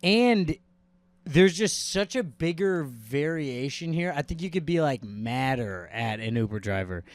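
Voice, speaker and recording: A man's voice: fairly high pitch, a little slow, no room sound. A man from New York co-hosting a podcast, telling stories in a casual chat and acting out the other people's lines. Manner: animated storytelling, acts out quotes. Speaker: podcast co-host.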